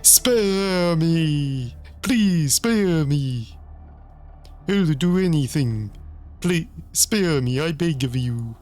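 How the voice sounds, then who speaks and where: A man doing a shrill, groveling old bishop. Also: animated, slow pace, fairly bright tone, soft background music. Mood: begging. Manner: shrill pleading and screaming. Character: panicked older male bishop begging for his life.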